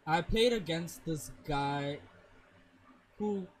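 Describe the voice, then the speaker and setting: A young man in casual chat, telling an animated story full of swearing. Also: fairly high pitch, drawn-out words, slight background noise, rough recording.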